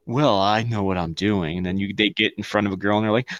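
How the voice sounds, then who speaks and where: A man co-hosting a podcast, trading crude jokes in a lively voice that jumps between high silly voices and low mutters. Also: a little fast, hardly any pauses, no room sound. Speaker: podcast co-host. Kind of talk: crude comedic banter.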